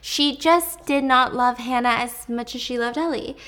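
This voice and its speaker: A woman's voice: a little high, moderate pace, a bit bright. A woman telling a true story in a casual, chatty way, swearing offhand and talking straight to the listener.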